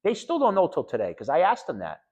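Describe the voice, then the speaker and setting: A man's voice: on the high side, quick pace. A middle-aged man with a New England accent telling an audience his own story as a patient, in a blunt, emphatic, conversational way. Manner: blunt, emphatic, conversational, quotes others in animated voices. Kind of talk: candid personal talk to an audience.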